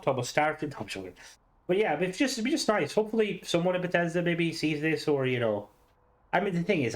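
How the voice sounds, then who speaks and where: A young man chatting casually about a video game, rambling with lots of fillers and restarts and the odd swear word. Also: fairly high pitch. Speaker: gaming YouTuber. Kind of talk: casual unscripted commentary.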